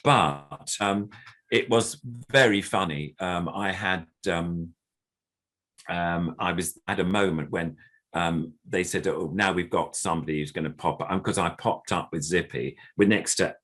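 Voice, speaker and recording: The speaker is an older man, a guest who works as a puppeteer, recounting an anecdote in relaxed conversation. His voice is deep and fairly bright with a measured pace, and he rambles with many fillers while voicing others' lines.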